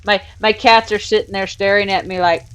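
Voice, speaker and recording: A woman with a medium-pitched, fairly bright voice and fairly even intonation talks fairly quickly while hosting a casual live stream. She chats and laughs as she builds in a virtual world and coos at her cats, with slight background noise.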